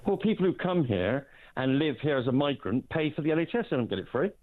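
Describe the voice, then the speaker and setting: A man phoning in to a radio talk show to make his point in a calm, argumentative way. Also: on the high side, quick pace. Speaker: caller. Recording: phone line.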